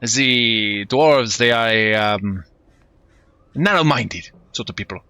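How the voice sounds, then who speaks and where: A man's voice: medium pitch, takes it slowly, pushed and bright, clean tone, no echo. A man putting on a boastful French swashbuckler. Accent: put-on French. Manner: boastful, flamboyant, hesitant with fillers. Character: swashbuckling male mercenary sailor with a French accent.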